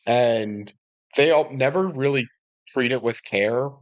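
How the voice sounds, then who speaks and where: A man's voice: medium pitch, measured pace, highs cut off. A young man co-hosting a podcast, giving easygoing, wry commentary on a movie. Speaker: podcast co-host. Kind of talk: casual movie discussion.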